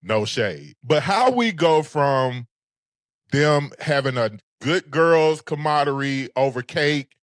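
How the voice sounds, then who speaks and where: A man co-hosting a casual recap show, talking in a sassy, animated way. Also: fairly high pitch, slow, dry recording, studio quality. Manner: sassy, animated, sings phrases. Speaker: podcast co-host.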